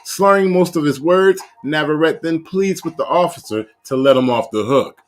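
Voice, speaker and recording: A man's voice: fairly high pitch, normal speed. Profane, joking male video commentator. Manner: blunt, profane, jokey, reads news aloud. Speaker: host reviewing police videos. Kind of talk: casual live video commentary.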